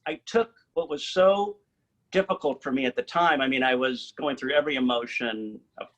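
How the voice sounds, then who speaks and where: A man telling his own story casually to an audience, animated and joking at his own expense. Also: mid-range voice, normal speed, poor audio. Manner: animated, joking, self-mocking. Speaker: singer-songwriter and cancer survivor speaker.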